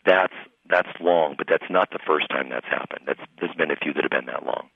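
Male pastor, low husky voice, phone-line audio, animated storyteller. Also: brisk, no echo. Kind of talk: radio interview, storytelling. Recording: tinny phone-line sound.

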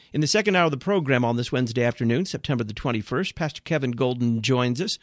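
A male radio host thanking a guest and reading announcements in a brisk, upbeat way. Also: mid-range voice, animated, no room sound, clean studio sound. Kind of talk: radio talk show announcements.

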